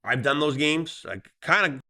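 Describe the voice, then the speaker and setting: A middle-aged man, a referee co-hosting a casual podcast, telling stories with lively acted-out quotes. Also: on the high side, normal speed. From Boston. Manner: animated storyteller, acts out voices in quotes. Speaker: hockey referee and podcast co-host.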